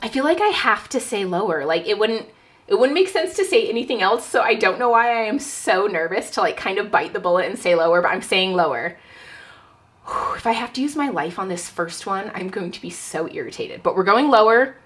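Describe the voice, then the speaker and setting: A young adult woman book vlogger chatting casually at home, excitable and nervous as she plays a card game. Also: medium pitch, fairly quick. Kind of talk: casual vlog chat.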